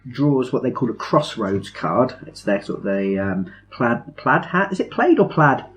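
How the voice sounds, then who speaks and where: A man's voice: mid-range voice, sing-song, moderate pace, slight background noise. A man hosting a podcast, explaining things in an enthusiastic, rambling way with self-mocking asides. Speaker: podcast host. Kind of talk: casual chat among friends.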